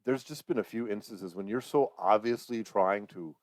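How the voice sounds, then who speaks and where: A man's voice: lowish voice, normal speed, no echo. A man co-hosting a fight podcast in casual chat, giving opinions and acting out what fighters said. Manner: opinionated, acts out fighters' lines. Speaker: podcast co-host.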